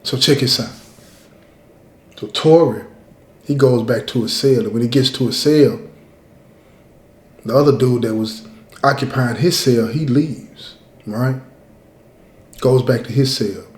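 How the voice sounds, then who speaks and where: A man's voice: medium pitch, a little slow, long pauses, darkish tone, roomy sound. A man hosting his own show, telling a story in a casual, emphatic way, repeating points and talking straight to his listeners. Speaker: host, storyteller.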